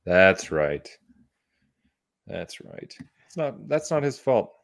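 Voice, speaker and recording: A man's voice: on the low side, sing-song, slow pace, gravelly. A young man co-hosting a podcast in casual, joking chat, full of "dude" and "bro". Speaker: podcast co-host.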